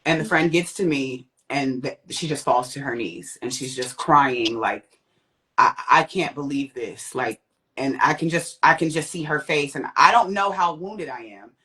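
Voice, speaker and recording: A young woman with a lowish voice recounts a personal ordeal as a guest. She tells it vividly, leaping up in pitch whenever she acts out what someone said. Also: expressive, moderate pace, fairly bright tone. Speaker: guest sharing a testimony. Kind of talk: personal storytelling.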